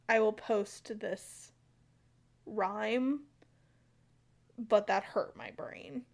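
A woman's voice: mid-range voice, fairly even intonation, very slow, vocal fry, pauses often. American woman, podcast co-host, casual, talky, filler-prone. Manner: chatty, filler-heavy, reads folklore aloud with stumbles.

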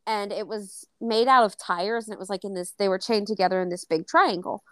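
A woman co-hosts a casual chat podcast in a middle-pitched voice. She tells stories in a lively way, acting out the quotes and swearing freely. The sound is dry and close, with no room echo. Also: a little fast, clear, resonant tone. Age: adult. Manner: animated, acts out quoted dialogue, swears freely. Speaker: podcast co-host.

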